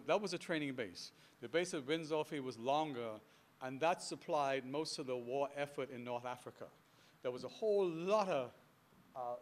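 A Bahamian man in his seventies giving a storytelling history lecture to an audience, animated and full of anecdotes and chuckling asides. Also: a little high. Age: 70s. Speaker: guest speaker. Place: lecture hall before an audience.

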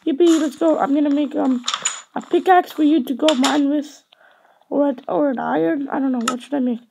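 A woman's voice: high-pitched, a little fast, creaky, background noise. A woman chatting and rambling playfully while playing a building game. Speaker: let's play host. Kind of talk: casual gameplay chat.

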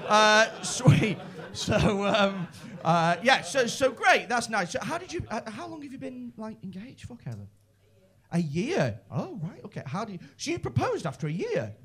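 Man, Liverpool accent, stand-up crowd work, bright tense voice, brash, sweary, teasing. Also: sits high, big pitch swings, moderate pace. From Liverpool, England. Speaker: stand-up comedian.

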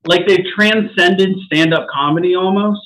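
A man's voice: high voice, normal speed, a bit bright, poor audio. A man co-hosting a casual movie podcast, telling stories in a laid-back way and laughing easily. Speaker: podcast co-host. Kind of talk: casual chat.

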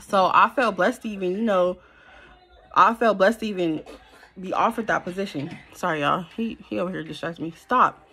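A young woman telling a personal story to camera in a casual, slangy, animated way. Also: on the low side, moderate pace, slightly rough. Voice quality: animated, slangy and conversational, with many fillers. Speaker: storytime vlogger.

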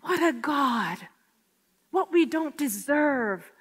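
A middle-aged woman giving a lively spoken testimony, storytelling with acted-out quotes. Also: high-pitched, takes it slowly. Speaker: testimony speaker.

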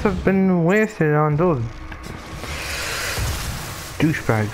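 A young man muttering through a shooter game, slow and drawn out, then jumping high into swearing shouts. His pitch swings widely. A faint hiss of noise sits under the voice. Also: lively intonation. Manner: self-mocking, swears often, bursts into loud shouts. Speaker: let's player. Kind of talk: casual gameplay commentary.

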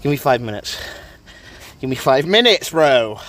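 A man live streaming in casual banter, brash and boastful, shouting and swearing at his chat. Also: medium pitch, very animated, normal speed.

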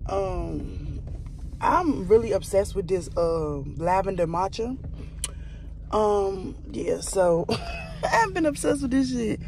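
A woman's voice: medium pitch, animated, slow pace, creaky, a little mellow, slight background noise. Chatty Southern woman vlogging from bed. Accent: Southern American. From Southern United States. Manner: chatty, blunt, swears freely. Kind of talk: casual vlog chat. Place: at home, in bed.

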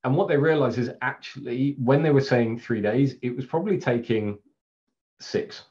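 A middle-aged Englishman, a Scrum trainer with an English accent, chats through a casual video-call presentation in a medium-pitched, slightly mellow voice at normal speed. Fillers abound, he laughs often and he's self-deprecating. Sound quality is slightly dull, lo-fi webcast audio.

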